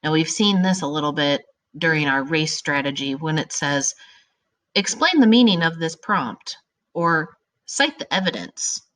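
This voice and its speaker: An upbeat woman teacher takes young students through a grammar lesson. Her voice sits a little low. She is animated and drags out her example sentences to make them stick. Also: unhurried.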